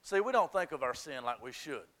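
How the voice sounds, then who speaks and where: A man's voice: a little high, sing-song, fairly quick, pushed and bright. A man preaching a sermon as pastor, emphatic and conversational, shifting into a confessional tone.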